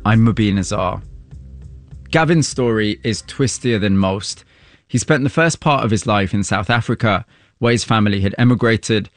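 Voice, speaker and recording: A man presenting a radio programme, narrating a story and asking empathetic questions in a measured way. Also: fairly low pitch, no room sound, faint music behind. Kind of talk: radio documentary narration and interview.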